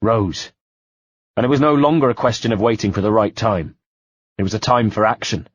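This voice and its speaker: A man narrating an audiobook in the first person, measured and quietly tense. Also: fairly low pitch, no echo. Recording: dull dry home-studio sound.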